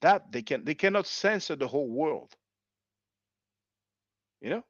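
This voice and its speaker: A man's voice: a little high, lively intonation, unhurried, no room sound, highs cut off. A man in his forties from France with a French accent, hosting his channel's live stream and firing off rhetorical questions to his audience. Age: 40s. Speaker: channel host.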